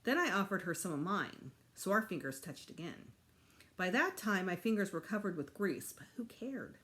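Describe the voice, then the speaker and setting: A teacher reading a children's chapter book aloud to her class. Her voice sits at a middle pitch and moves a lot, rising and falling as she tells the story. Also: moderate pace. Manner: expressive, animated.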